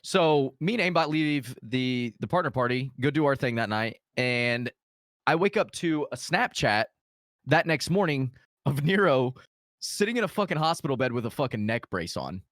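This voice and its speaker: A man telling a story in casual podcast chat, animated and full of profanity. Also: medium pitch, normal speed, no echo, clean studio sound.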